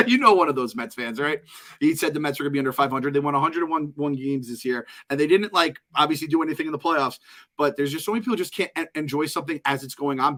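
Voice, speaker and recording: A man's voice: a little high, a bit bright. A man co-hosting a podcast, giving rambling, opinionated takes with casual profanity. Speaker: podcast co-host.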